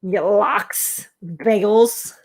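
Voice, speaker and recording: A woman's voice: medium pitch, extremely slow, darkish tone. A woman, co-hosting a casual livestream and teasing her partner with blunt, profane humor. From Long Island, New York. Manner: brash, teasing, swears freely. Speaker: co-host of a livestream show.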